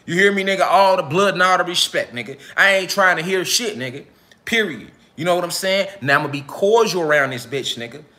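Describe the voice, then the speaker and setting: A man speaks live to his followers in a high, tense, forceful voice. His talk is heated and profane. He keeps circling back with repeated phrases and street slang. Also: animated, fairly quick. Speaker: self-styled spiritual speaker. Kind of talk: unscripted live speech to followers.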